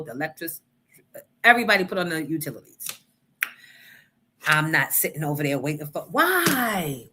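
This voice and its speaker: A woman's voice: lowish voice, bright, forceful tone, a little hiss or hum. A woman radio host telling a personal story in a brash, profane, emphatic way. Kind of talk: storytelling on a morning show.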